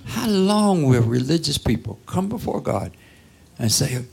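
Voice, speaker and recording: A man's voice: on the high side, big pitch swings, a little slow, creaky, darkish tone, slightly rough. A man preaching a sermon in a church, talking to the congregation in a conversational way, asking rhetorical questions and sometimes dropping to a whisper.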